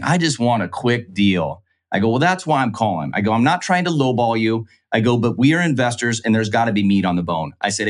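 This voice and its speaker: A quick-talking man spinning a business story in a relaxed, chatty way. He rattles off the numbers and slips into the voices of the other people in the story as he quotes them. His pitch sits in the middle range. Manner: animated, acts out quoted dialogue. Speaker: real estate investor guest. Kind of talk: casual storytelling.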